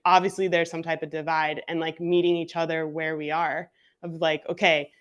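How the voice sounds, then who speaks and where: A woman on a group video call talking her thoughts through haltingly, full of filler likes. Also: fairly low pitch. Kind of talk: casual chat.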